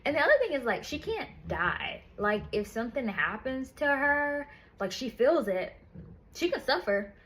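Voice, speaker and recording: A woman's voice: sits high, very animated, normal speed, fairly bright tone. A woman in a casual book review chat, retelling the story in a chatty, profane way with lots of "like".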